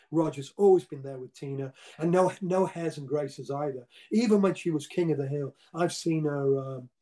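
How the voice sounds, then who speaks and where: An older man telling casual, rambling stories as an interview guest, with frequent restarts. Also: a little high. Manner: rambling, animated anecdotes with repeated restarts. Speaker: interview guest, rock singer. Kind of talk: casual storytelling.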